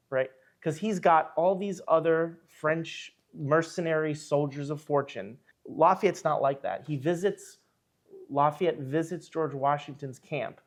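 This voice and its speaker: A man with a fairly high voice tells history in an interview, lively and rambling. He slips in asides and "you know" as he goes, like a historian thinking out loud. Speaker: archivist and historian.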